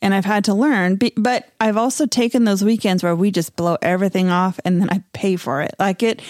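A woman's voice: medium pitch, fairly even intonation, fairly quick, a little mellow, dry recording, studio quality. A woman co-hosting a candid chat podcast, speaking in a practical, level-headed, advising way. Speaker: podcast co-host.

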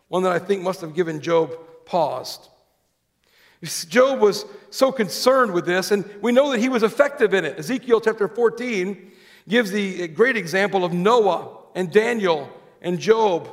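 Guy preaching a sermon, kinda gravelly voice, reads verses out and quizzes the crowd, big echo in the room. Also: high voice, normal speed. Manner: reads scripture aloud, asks the congregation questions. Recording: long hall reverb.

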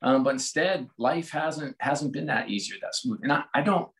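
The recording is rough, and the man's voice is medium-pitched, a bit bright, at normal speed. He's an American in his forties working as a sports executive, guesting in a conversational interview where he speaks candidly, reflectively, and with many restarted sentences.

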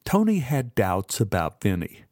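A man reading an audiobook aloud in first person with a measured, steady delivery. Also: fairly low pitch, dry recording, studio quality. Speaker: audiobook narrator. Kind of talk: first-person storybook narration.

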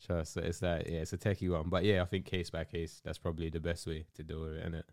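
A young man, chatting calmly and agreeably as a podcast co-host. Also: low-pitched, quick pace, no room sound, studio quality. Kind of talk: casual chat.

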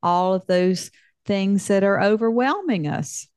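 A woman hosts a podcast and asks her guest measured questions. Her voice sits in a middle range. The recording is dry and close. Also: medium pitch, darkish tone, smooth, dry recording. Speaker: podcast host. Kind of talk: interview questions.

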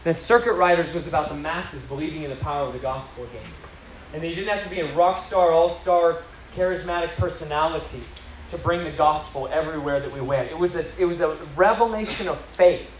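A man preaching a sermon, telling stories with lively acted quotes. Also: on the high side, a little fast. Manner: energetic storytelling with acted quotes. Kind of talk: sermon storytelling. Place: large hall with audience. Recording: roomy hall from a distance, crowd.

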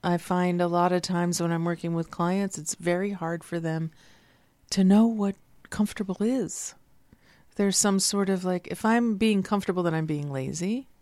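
Reflective woman podcast co-host, low voice. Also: fairly even intonation, darkish tone, no room sound. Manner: reflective and earnest, slowing on key phrases. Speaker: podcast co-host and wellness practitioner. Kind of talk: casual conversational podcast.

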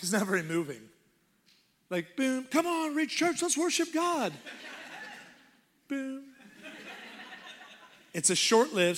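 High bright-voiced preacher, man. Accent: Texan. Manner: lively, acts out voices in stories, laughs often. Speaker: guest pastor. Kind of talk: sermon with comic storytelling.

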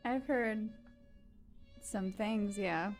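A woman's voice: medium pitch, very slow, soft background music. A woman playing a tabletop game, wry and laid-back. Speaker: player. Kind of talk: casual tabletop play.

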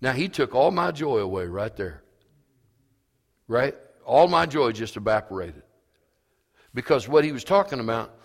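A man's voice: medium pitch, sing-song, moderate pace, gravelly, long pauses. A man preaching a sermon as a pastor, telling a homespun story and building to fervent, emphatic preaching. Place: church. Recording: reverberant church hall.

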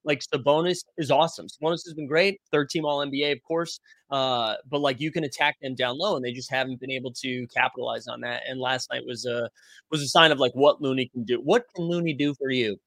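A man hosting a casual sports talk stream, animated and rambling, who swears freely and reads from the chat. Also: medium pitch, a little fast, dry recording. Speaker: podcast host reading chat.

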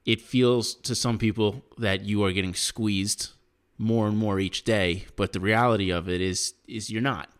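Man from the US, lowish voice, casual podcast chat, earnest and opinionated. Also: steady tone, a little slow. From United States. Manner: earnest, opinionated, thinks aloud with restarts. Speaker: podcast co-host.

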